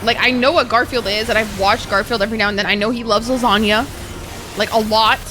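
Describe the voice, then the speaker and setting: A young woman streaming a game, chatting casually with her viewers, swearing freely and reacting excitably. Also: fairly high pitch, quick pace, background noise. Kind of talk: casual live-stream chat.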